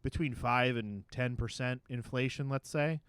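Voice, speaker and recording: A man's voice: medium pitch, moderate pace, fairly bright tone, clear, resonant tone, dry recording. A man co-hosting a comedy podcast, ranting and arguing his point with swearing. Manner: ranting, argumentative, profane. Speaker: podcast co-host. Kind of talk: casual comedy chat.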